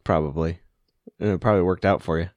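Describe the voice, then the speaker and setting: A man's voice: deep voice, fairly even intonation, fast, a little mellow, no room sound, clean studio sound. A man co-hosting a podcast, telling stories in a laid-back, casual way and laughing often. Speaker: podcast co-host. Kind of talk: casual chat.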